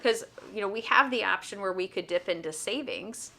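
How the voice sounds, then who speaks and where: A woman's voice: medium pitch, moderate pace, gravelly, pushed and bright. A middle-aged woman, a homeschooling mom and nurse, telling a personal story in a casual vlog, chatty and full of fillers. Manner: chatty, with many fillers like "um" and "you know".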